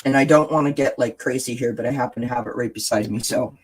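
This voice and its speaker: A man's voice: medium pitch, fast, slightly rough, rough recording. Earnest man giving encouraging advice. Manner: earnest and encouraging, repeats phrases. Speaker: host. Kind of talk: casual wellness chat to viewers.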